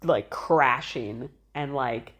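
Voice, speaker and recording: A woman's voice: rumbling low, drawn-out words. A woman in her thirties co-hosting a podcast, telling a personal story casually, swearing freely and laughing as she goes. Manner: animated, swears freely, laughs while recounting. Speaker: podcast co-host.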